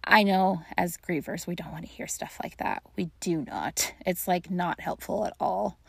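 A woman's voice: fairly low pitch, normal speed, gravelly, breathy edge, no echo. A young adult woman hosting a solo podcast on grief, talking casually and reassuringly straight to her listeners with many fillers. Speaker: podcast host and grief coach.

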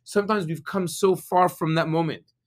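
A man, a rabbi, giving an animated sermon outdoors, often asking his listeners questions. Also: on the high side, moderate pace.

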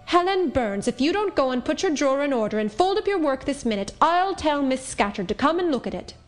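Lady reading a rough bossy cumberland schoolgirl, loud and high, scolding. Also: very animated, fairly quick, faint music behind. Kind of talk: audiobook reading.

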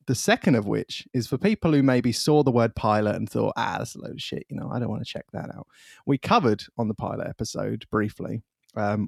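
A young man with a gravelly, creaky voice co-hosts a casual podcast, joking and laughing between lines. The sound is dry and close. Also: on the low side, darkish tone, no room sound. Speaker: podcast co-host. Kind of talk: casual chat.

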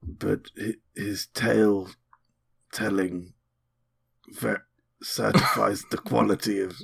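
A man's voice: lowish voice, fairly even intonation, slow pace, gravelly, slightly rough. A man playing a tabletop game, making wry, dry jokes. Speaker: player. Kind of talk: casual tabletop game play.

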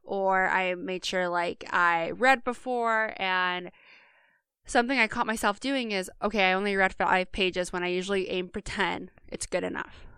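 A woman co-hosting a podcast delivers an earnest, casual monologue directly to listeners. Her mid-range voice is bright, forceful, clear, and resonant, with fairly even intonation and an unhurried pace, in clean studio sound without echo.

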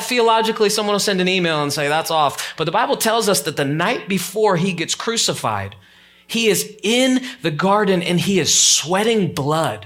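A man's voice: a little high, a bit bright. Fervent male pastor preaching a sermon. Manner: conversational preaching, rising to emphatic peaks.

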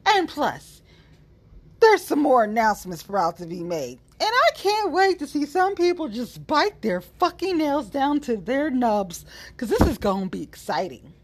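This woman, a political commentator, delivers an offhand, profane, sassy monologue on local politics to her followers. She speaks at a measured pace in a high voice that swings widely in pitch.

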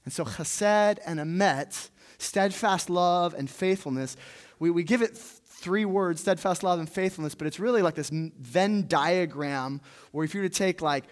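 Conversational male preacher, slightly high voice. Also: moderate pace. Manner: conversational, repeats words while thinking aloud. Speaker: pastor. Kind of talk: sermon.

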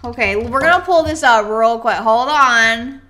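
A woman's voice: a little high, a little slow, pushed and bright. A woman co-hosting a podcast in casual chat, upbeat and giggly, with lots of "like". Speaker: podcast co-host. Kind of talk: casual chat about a card game.

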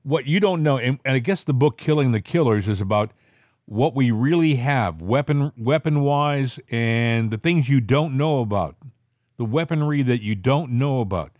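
Male host, mid-pitched, rambling delivery, dry close mic. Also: a little mellow, dry recording. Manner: rambling, halting restarts. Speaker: podcast host. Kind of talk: casual political chat.

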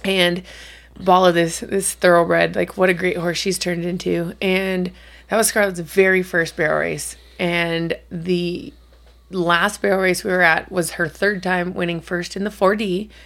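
Middle-aged woman, chatty podcast co-host with some vocal fry, loose and casual. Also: on the low side, level tone, unhurried, a bit bright. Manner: chatty storyteller, swears casually. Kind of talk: casual chat.

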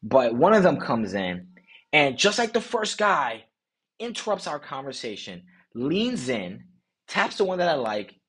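Husky-voiced man telling a story. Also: medium pitch, a little slow. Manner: animated, slangy, swears casually. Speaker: podcast host, dating coach. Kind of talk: casual storytelling monologue.

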